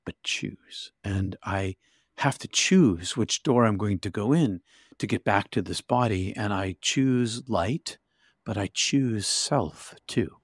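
An older man, an interview guest, telling his story in a vivid, halting way with restarts. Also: fairly low pitch, slightly rough, no echo, clean studio sound. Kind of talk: emotional storytelling.

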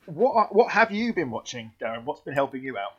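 A man's voice: medium pitch, big pitch swings, fairly quick, slightly rough, muffled recording. A man hosting an interview, asking brief, jokey prompting questions. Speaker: host.

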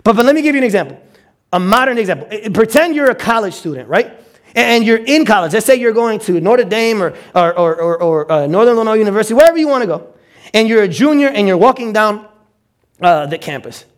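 A man preaching a sermon as a pastor, animated, acting out quotes and stumbling over quick repeated words. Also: high-pitched.

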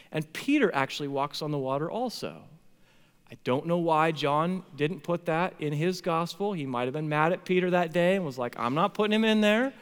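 Pastor guy preaching, kinda high voice, big echo from the hall, goes loud then real quiet. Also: clean tone. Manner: storytelling, animated swings from loud to hushed. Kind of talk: sermon. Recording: long hall reverb.

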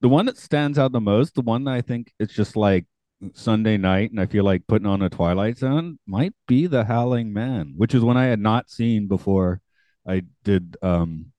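A man with a lowish voice hosting a casual podcast discussion. He is chatty and laughs easily. The sound is dry and close. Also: animated, moderate pace, warm tone, dry recording. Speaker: podcast host. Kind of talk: casual chat.

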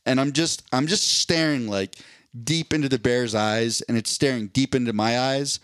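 A man's voice: mid-range voice, normal speed, a bit bright, clean tone, dry recording, clean studio sound. A man co-hosting a podcast who tells a long story in casual, profane chat and acts out voices as he goes. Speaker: podcast co-host.

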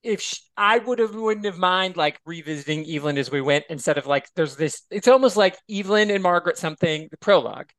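Dude chatting on a podcast, swears a lot, super expressive, dry close sound. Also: male voice, sits high, quick pace, few pauses, no room sound. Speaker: podcast guest. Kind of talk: casual chat.

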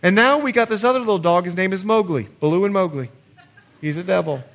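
A man preaching a sermon as pastor, building to emphatic outbursts and easing into soft, quiet appeals. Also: high-pitched, fast talker, creaky.

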